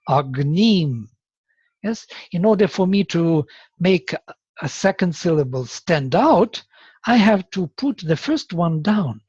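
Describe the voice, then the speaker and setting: Slow, husky male lecturer. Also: fairly high pitch, a little mellow, no echo. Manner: slow, deliberate explaining with chanted examples. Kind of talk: university lecture. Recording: dull, lo-fi lecture recording.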